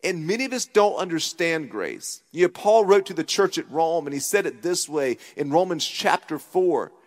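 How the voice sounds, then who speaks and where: Emphatic pastor preaching in a hall. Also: male voice, fairly high pitch, expressive, normal speed. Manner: emphatic, repeats key points, asks the crowd "right?". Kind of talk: sermon. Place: church auditorium stage. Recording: long hall reverb.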